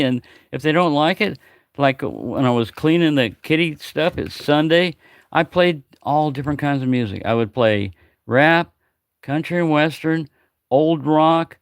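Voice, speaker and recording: Older retired man with a gravelly voice and dry sound, rambling through stories and acting out the people he quotes. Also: mid-range voice, dry recording. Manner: chatty, repeats words, acts out quoted voices. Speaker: live-stream host. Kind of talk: casual rambling storytelling.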